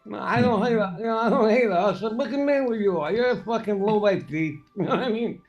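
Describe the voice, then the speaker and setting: A man's voice: sits high, fairly quick, muffled recording, faint music behind. A man hosting a casual livestream chat, swearing freely and laughing as he tells stories. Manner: profane, laughing storyteller. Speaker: podcast host.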